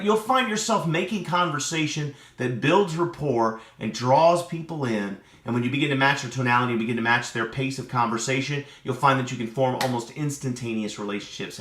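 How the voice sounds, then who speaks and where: A man teaching a lesson on building rapport, animated, often checking with "right?". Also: on the high side. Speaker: sales and relationship coach. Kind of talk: teaching talk to camera. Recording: echoey room.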